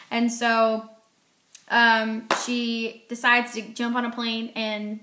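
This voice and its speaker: A woman talks through a book in a casual vlog, retelling the story and acting out the characters' lines. Her voice is bright and a little high. It echoes around the room. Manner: chatty retelling, acting out quotes. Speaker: book reviewer.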